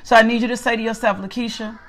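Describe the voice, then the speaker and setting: A woman's voice: a little high, level tone, racing, fairly bright tone. A middle-aged woman teaching a Bible study in a conversational sermon style, emphatic and repetitive, often asking listeners to respond.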